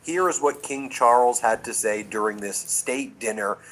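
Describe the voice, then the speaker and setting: A man hosting casual news commentary, animated and chatty, talking straight to his viewers. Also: medium pitch, normal speed, low-quality recording. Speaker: commentary channel host.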